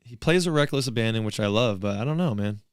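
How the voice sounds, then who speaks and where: A man's voice: fairly low pitch, animated, quick pace, smooth, no room sound. A man co-hosting a basketball podcast, chatting casually and joking while watching a live game. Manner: jokey, chatty, reacts to plays. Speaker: podcast co-host.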